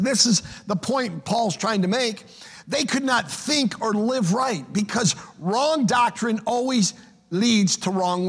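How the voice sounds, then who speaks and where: Husky high-voiced preacher in a hall. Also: male voice, fairly bright tone. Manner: emphatic preaching, repeats words at starts of phrases. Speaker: pastor. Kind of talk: sermon. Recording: long reverb of a large hall.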